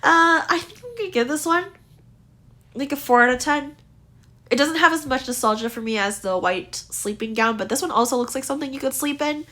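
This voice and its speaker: A woman's voice: sits high, brisk, pushed and bright. Chatty young woman with a tiring voice. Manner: chatty, rambling, lots of likes and ums. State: voice tiring, slightly strained. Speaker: gaming video creator. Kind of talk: casual rating commentary.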